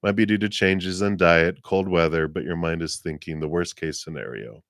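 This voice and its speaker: Man, deep voice, dry close sound, gentle rambling psychic reader, laughs often, voice lower than usual today. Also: moderate pace, no room sound. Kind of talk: casual live reading.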